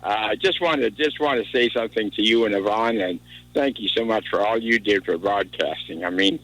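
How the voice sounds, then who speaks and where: A man calling into a radio show to thank the host, teasing and halting. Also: on the low side, a bit bright, no echo, rough recording. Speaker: caller, former colleague. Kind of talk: phone-in tribute on radio.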